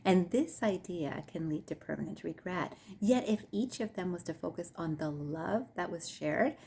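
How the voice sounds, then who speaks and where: A woman hosting her own wellness channel, telling a parable to her viewers in a gentle, measured way. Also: fairly low pitch, expressive, vocal fry, a little hiss or hum. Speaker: host of a mindfulness and grief channel. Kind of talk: storytelling talk to camera.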